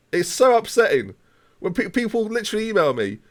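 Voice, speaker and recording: A man in his late twenties, a streamer ranting in theatrical mock outrage during a live game stream, rambling and repeating himself. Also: high voice. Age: late 20s. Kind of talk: live gaming stream rant.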